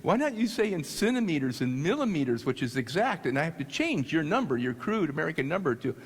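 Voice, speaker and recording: A man's voice: on the high side, sing-song, fast, slightly rough, long reverb tail, heavily acted. A man putting on the voice of a scornful male engineer. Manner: scornful, mocking.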